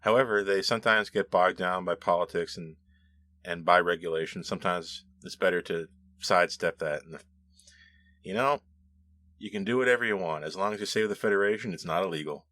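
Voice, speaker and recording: A man's voice: deep voice, fairly quick, pushed and bright. A man hosting a show, casually reading and answering viewer comments in a rambling, self-correcting way with frequent laughs.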